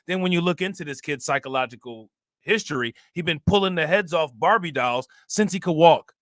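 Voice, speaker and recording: A man's voice: mid-range voice, animated, quick pace, a bit bright, dry recording, clean studio sound. Heated man firing rhetorical questions. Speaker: reaction channel host. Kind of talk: opinion commentary to viewers.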